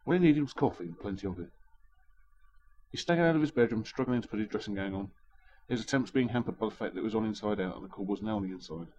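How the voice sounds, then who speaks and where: A man's voice: on the low side, expressive, quick pace, a little mellow, lo-fi sound, slight background noise. A man narrating a story in a dry, wry manner.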